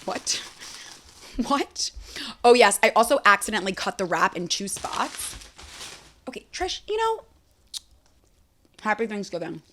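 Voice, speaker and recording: Woman, young adult, podcast host, chatty, enthusiastic, casual, mid-pitched voice. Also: animated, unhurried, long pauses, bright, forceful tone, slight background noise. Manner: chatty, enthusiastic, talks to her cat. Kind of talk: casual solo chat while eating.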